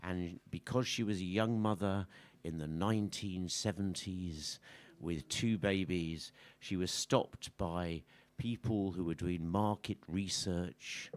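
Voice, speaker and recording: A man's voice: sits low, slow pace. A man, a folk singer chatting onstage between songs, rambling and self-mocking with dry jokes. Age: 60s. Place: live music venue stage. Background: live audience and instruments.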